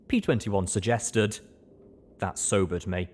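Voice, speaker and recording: A man reading a first-person fantasy audiobook in an expressive storytelling manner. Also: sits low, normal speed. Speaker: audiobook narrator.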